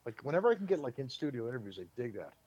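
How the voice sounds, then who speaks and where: A man, a publicist, telling show-business stories in a lively, casual way on a podcast and acting out what people said. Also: medium pitch, racing, husky, lo-fi sound. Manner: lively anecdote-teller, acts out quotes.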